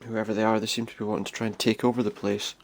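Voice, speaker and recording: Rapid-fire and level in tone, a man with a lowish voice streams himself playing a role-playing game. His let's-play commentary is casual and chatty, and he thinks aloud as he goes.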